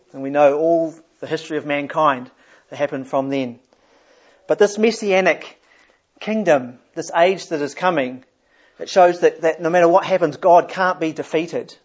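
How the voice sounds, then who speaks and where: A man preaching a sermon in a conversational way, often repeating words as he thinks. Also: a little high. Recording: dull lo-fi sound.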